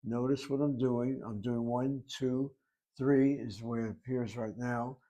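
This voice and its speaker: A man's voice: medium pitch, steady tone, measured pace, dark tone, lo-fi sound. A man giving a classroom lecture on Hebrew grammar, methodically spelling out vowels and letters at the board. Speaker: Hebrew teacher.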